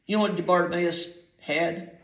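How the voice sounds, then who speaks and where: A man preaching a sermon, emphatic, swinging from soft asides to shouted appeals. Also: high voice, steady tone, a little slow, poor audio.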